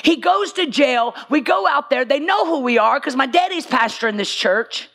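Forties preacher woman, gravelly edge, fiery storytelling. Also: high voice, lively intonation, normal speed. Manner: emotional storytelling, often shouting for emphasis. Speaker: pastor. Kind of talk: sermon. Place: church stage.

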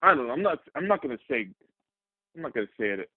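Calling a sports radio show from Fresno, California, a man rants angrily and swears, sounding agitated. His medium-pitched voice is very animated, fast and a bit breathy, coming through dry and tinny over a phone line.

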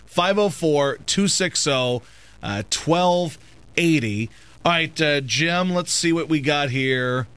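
A man hosting a sports radio show, bantering and teasing his co-host in quick, playful chat. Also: a little high, lively intonation, a bit bright, clean tone, no echo.

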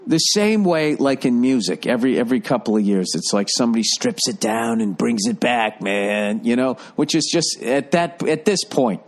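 A man's voice: medium pitch, very animated, normal speed, few pauses. An older man ranting in a rambling, profane, exasperated way, like a commentator. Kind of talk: profane comedic rant.

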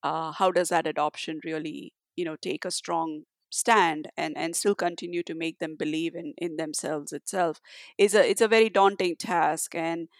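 A woman guest in a conversational interview, talking in a halting way with many fillers and restarts. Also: deep voice, steady tone, no room sound, studio quality. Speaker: guest, tech leader.

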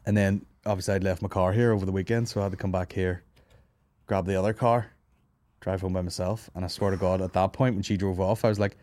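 In a studio office with no audible room sound, a Northern Irish comedy podcaster in his thirties rattles through a long, profane story, laughing as he goes. His voice sits low with a darkish tone, fast delivery, and fairly even intonation.

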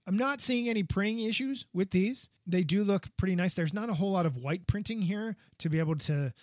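A man's voice: high-pitched, a little fast, darkish tone, dry recording, clean studio sound. A man hosting a casual toy review podcast, talking enthusiastically and rambling, often repeating himself. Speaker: podcast host. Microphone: podcast microphone.

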